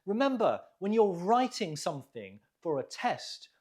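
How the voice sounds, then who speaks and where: An English teacher giving an online vocabulary lesson, enunciating each word with care, pausing for learners to repeat and praising them warmly. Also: mid-range voice, sing-song. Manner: deliberate, clearly enunciated, drills pronunciation with pauses for repeating; encouraging, gently praises learners.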